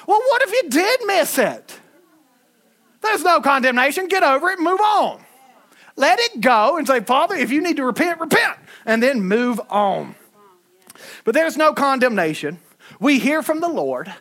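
High-voiced, fiery preacher man. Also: moderate pace. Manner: animated, shouting at times, folksy asides. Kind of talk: sermon.

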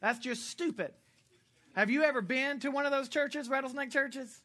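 A man's voice: very high-pitched, normal speed, pushed and bright. A man preaching a sermon to his congregation in a church, quizzing the listeners and chuckling at his own jokes. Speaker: pastor. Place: church service before a congregation.

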